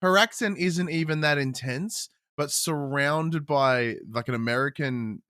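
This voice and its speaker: A man with an Australian accent, a podcast guest chatting casually, animated and blunt, with many stammered restarts and swearing. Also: on the high side, a little slow, dry recording, studio quality.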